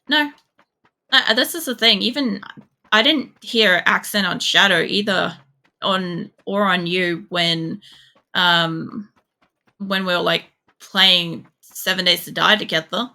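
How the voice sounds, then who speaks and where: A young Polish woman streams a shooter game and chats in a rambling, casual way, swearing freely and using lots of fillers. Her voice is lowish and bright, with vocal fry and a forceful tone.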